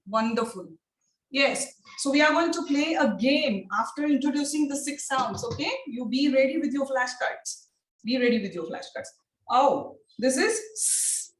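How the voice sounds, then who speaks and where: A woman running a phonics training workshop, talking slowly and with care, so each sound gets drilled over and over. Her voice sits a little high. She is heard from a distance in an echoey room.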